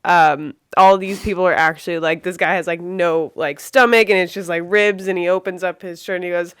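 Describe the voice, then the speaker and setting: A woman's voice: on the low side, steady tone, brisk, clean tone, no echo, studio quality. A young woman on a casual podcast, rambling as she retells a film plot with lots of "like" and quoted lines. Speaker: podcast panelist.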